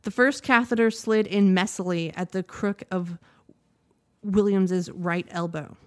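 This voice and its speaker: A woman reading a news report aloud in a measured, steady way, now and then stopping to correct a word. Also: medium pitch. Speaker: news reader.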